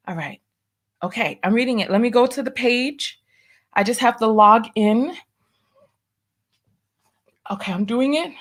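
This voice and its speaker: A woman's voice: on the high side, a bit bright. Nervous woman stalling on a livestream. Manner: nervous, stalling, repeats herself; reads viewer comments and donations aloud. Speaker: livestream host. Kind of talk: casual livestream chat.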